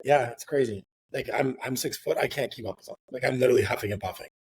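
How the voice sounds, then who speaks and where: Middle-aged man, casual storyteller on a podcast; mid-pitched, rambling, filler-heavy, a bit of swearing, dry close sound. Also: quick pace, breathy edge, no echo. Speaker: real estate agent guest.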